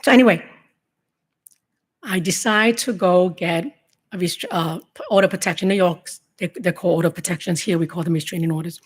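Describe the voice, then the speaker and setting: A middle-aged woman telling her own story to a room of law enforcement, in a halting, emotional testimony full of restarts. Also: on the low side, breathy edge. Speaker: survivor giving a talk to law enforcement. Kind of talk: personal testimony speech.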